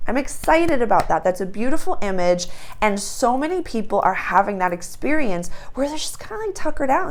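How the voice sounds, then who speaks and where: A woman in a casual, animated spiritual monologue, moving between plain talk and acted-out little scenes. Her pitch sits in an ordinary middle range for a woman, and her delivery is chatty and expressive. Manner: animated storytelling, acts out voices. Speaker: astrology channel host.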